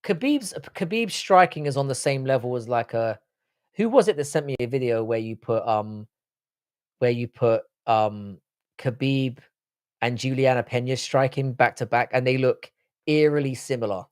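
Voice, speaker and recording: A man's voice: mid-range voice, normal speed, dry recording, clean studio sound. A man from Britain, hosting a live stream in casual chat, reading viewer comments and trading sweary, joking banter.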